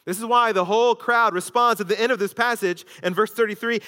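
A man preaching a sermon as pastor, swinging between loud emphasis and hushed intensity. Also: extremely high pitch, brisk, hardly any pauses. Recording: long hall reverb.

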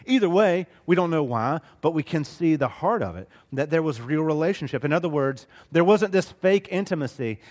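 A middle-aged Southern pastor delivers an earnest sermon, his pitch rising and falling in lively arcs. He leans into big emphatic lines and then drops to near-whispered asides. A long hall reverb trails every phrase. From Southeast Alabama, US. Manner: earnest, expressive preaching, swings between loud and hushed.

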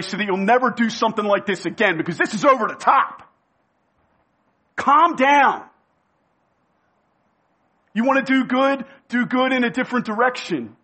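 A man's voice: extremely high pitch, sharp tone, voice pushed up, heavily acted. A man voicing the indignant male disciples as they scold a woman, in a hectoring, exasperated way.

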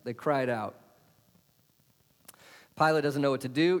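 A man's voice: mid-range voice, a little slow, pauses often. A man preaching a sermon as pastor, putting questions to the congregation and answering them with emphasis. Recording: long hall reverb.

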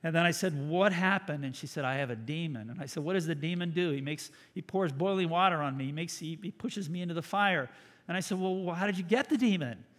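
A man preaching as pastor, telling a story dramatically and swinging from loud bursts to hushed, quiet lines. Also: a little high, fast, in a large hall. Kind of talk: sermon storytelling.

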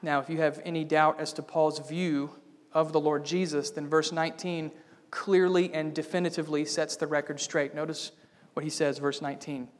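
A man's voice: a little high, little pitch movement, moderate pace. A man preaching a sermon as pastor, building to bold, emphatic declarations. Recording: long reverb of a church hall.

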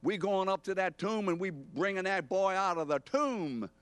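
A man preaching a sermon puts on a slangy, upbeat, high-pitched voice for a casual, brotherly man consoling a grieving sister. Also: animated, moderate pace, no echo. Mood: breezy.

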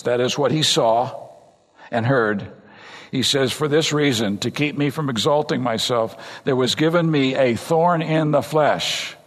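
An older man from California preaching a sermon as a pastor, talking conversationally and swinging between emphatic high points and low, quiet asides. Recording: long reverb of a large hall.

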